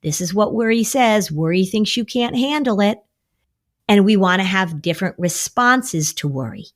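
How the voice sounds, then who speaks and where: Middle-aged female therapist, podcast co-host, animated teacher who acts out quotes. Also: medium pitch, moderate pace. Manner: animated, acts out quoted voices of worry and kids. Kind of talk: podcast conversation.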